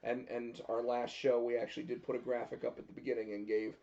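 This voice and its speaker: A man hosts a casual talk stream in a relaxed way and reads viewer comments aloud. His voice is gravelly and dark, and the audio is muffled and lo-fi. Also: medium pitch, fast. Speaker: host. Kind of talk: casual chat.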